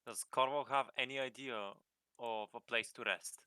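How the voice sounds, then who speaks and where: Flat, bright-voiced male player. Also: mid-range voice, moderate pace, clear, resonant tone, no room sound. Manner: hesitant, describing his character's actions. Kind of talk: tabletop role-play.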